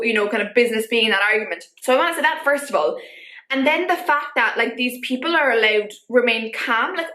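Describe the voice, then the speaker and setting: A woman's voice: a little high, fairly bright tone, reverberant. Chatty young-sounding woman vlogging to camera. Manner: chatty, full of "like" fillers, gets fired up. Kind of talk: casual talk to camera. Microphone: camera mic.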